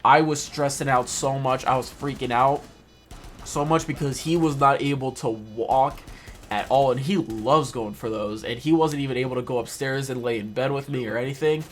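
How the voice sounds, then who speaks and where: A man's voice: mid-range voice, steady tone, moderate pace, soft background music. Emotional young man rambling casually. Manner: rambling, heavy on "like" and "or whatever". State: emotional, voice wavering. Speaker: gaming vlogger. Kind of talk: casual personal talk over gameplay.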